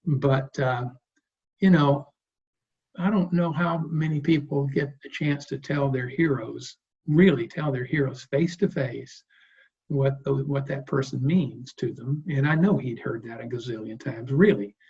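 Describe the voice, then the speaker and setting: A man in his sixties, a guest bass player, telling stories in an interview in a relaxed, rambling way. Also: unhurried, vocal fry, breathy edge, muffled recording. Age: 60s. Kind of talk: interview storytelling.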